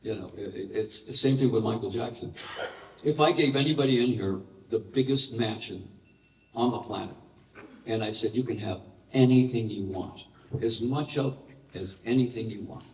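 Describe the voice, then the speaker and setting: Older male guest, lively anecdotal storyteller, distant mic in a big reverberant hall. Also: mid-range voice, normal speed. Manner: animated anecdotes with laughter. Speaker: interview guest. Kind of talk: storytelling in a live Q&A. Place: large hall with live audience. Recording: roomy echoey hall, heard from a distance.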